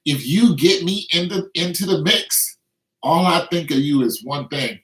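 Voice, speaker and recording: A man's voice: fairly high pitch, measured pace, a bit bright. Man in his fifties, boastful. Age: 50s. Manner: boastful, slang-heavy, laughing while telling. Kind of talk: casual storytelling. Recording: roomy, distant from the mic.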